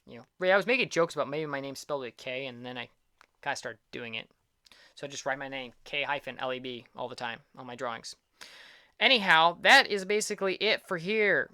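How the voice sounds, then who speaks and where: A young man talks casually as an art vlog host, rambling and upbeat as he pokes fun at his own work. His voice is bright and smooth. The recording is dry and close, with no room echo. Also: mid-range voice, fairly quick. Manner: rambling, self-deprecating, upbeat. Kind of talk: casual chat.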